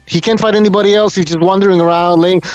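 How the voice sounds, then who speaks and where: A man's voice: high voice, fairly even intonation, fast talker, a little mellow, no room sound, soft background music. A man in a heated boxing debate, blunt and dismissive, swearing often. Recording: dry, dull, lo-fi line.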